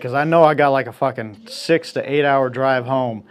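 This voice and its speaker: A man hosting a solo podcast, telling a crude story in a casual, profane, animated way. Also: medium pitch, moderate pace, smooth. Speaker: podcast host.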